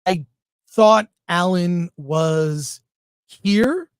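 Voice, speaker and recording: A man hosting a podcast, chatting casually with a lively, jokey, announcer-like delivery. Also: high-pitched, drawn-out words, background noise. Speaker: podcast host. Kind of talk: casual show chat.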